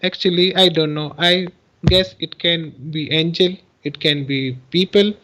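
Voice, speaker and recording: A man's voice: a little high, a little slow, sharp tone, low-quality recording. A man calling in to a live-streamed religious debate, earnestly explaining his view at length and talking over interruptions. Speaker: caller in a debate.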